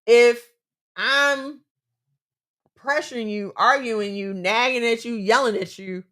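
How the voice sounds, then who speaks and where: A woman's voice: a little high, takes it slowly, a bit bright. A woman co-hosting a casual chat, giving earnest, faith-based relationship advice and repeating phrases for emphasis.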